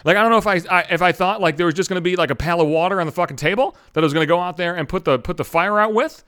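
A man's voice: high-pitched, racing, fairly bright tone, clear, resonant tone. A man hosting a podcast, telling a story in a rambling, profane, self-mocking way. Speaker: podcast host. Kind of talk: casual solo storytelling.

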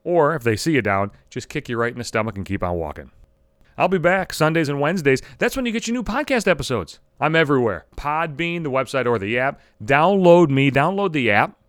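A man's voice: mid-range voice, animated, brisk, clean tone, no room sound, clean studio sound. A man hosting his own podcast, ranting in a casual comedic monologue, profane and self-mocking. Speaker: podcast host.

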